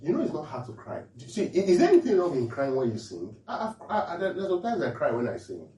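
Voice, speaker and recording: A man's voice: on the high side, fast, echoey room, distant mic, low-quality recording. A man preaching a humorous sermon, laughing often and checking in with his listeners. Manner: animated, laughing often, asks the audience questions.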